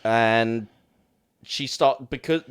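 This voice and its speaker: A man's voice: medium pitch, very slow, clean tone. Rambling man recapping a film. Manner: rambling, self-correcting plot retelling. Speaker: film podcast co-host. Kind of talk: casual film chat.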